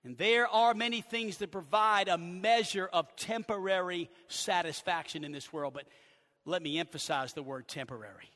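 High-voiced preacher in an echoing hall. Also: male voice, normal speed. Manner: earnest preaching, swings from loud emphasis to hushed low phrases. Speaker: pastor. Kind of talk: sermon. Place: church sanctuary. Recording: long church hall reverb.

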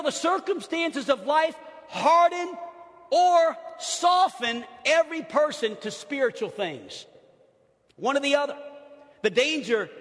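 A man preaches a sermon in a high voice. He swings from loud, emphatic exclamations down to quiet, near-whispered lines. His voice rings out with the long reverb of a big hall. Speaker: pastor.

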